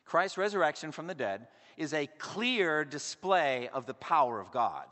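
A man delivering a sermon from the pulpit, his voice sitting a touch higher than most men's. He shifts between loud emphatic phrases and quiet drops, using dramatic pauses. The sound carries a long reverb from a large church hall. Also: very animated. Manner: varies volume and pace for emphasis, dramatic pauses. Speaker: pastor. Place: church sanctuary.

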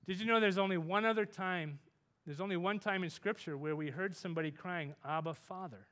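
A man preaching a sermon, earnest, rising loud for emphasis and dropping soft on tender points. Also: brisk. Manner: earnest, rises in pitch and volume for emphasis, softens for tender points.

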